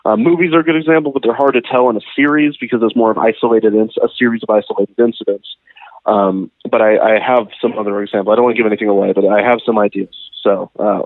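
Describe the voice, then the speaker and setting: A man's voice: fairly low pitch, dry recording. A man speaking as a guest in a casual interview, rambling with lots of ums and restarts. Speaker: guest, YouTube documentary creator. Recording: tinny phone-like line.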